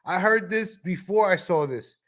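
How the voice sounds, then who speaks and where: High-voiced ranting New man. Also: normal speed, fairly bright tone. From New York. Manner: heated, mocking, profane rant. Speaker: live stream host. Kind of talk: live stream commentary over a video.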